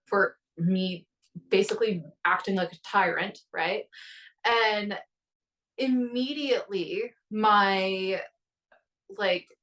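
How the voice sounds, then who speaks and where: A woman's voice: mid-range voice, a bit bright, distant mic, low-quality recording. A woman in her thirties in a casual podcast conversation, telling stories animatedly and acting out her own inner voices. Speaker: guest coach.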